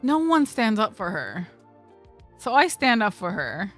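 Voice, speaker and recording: A woman's voice: medium pitch, sing-song, unhurried, fairly bright tone, soft background music. A young woman streamer telling a casual story, rambling with lots of fillers and swearing freely.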